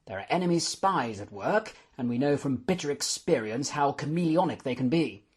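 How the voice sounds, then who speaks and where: A man voicing a gruff, commanding old lord. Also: mid-range voice, expressive, normal speed, pitched above the performer's own voice. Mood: stern. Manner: gruff, authoritative. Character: stern elderly male lordship, commanding.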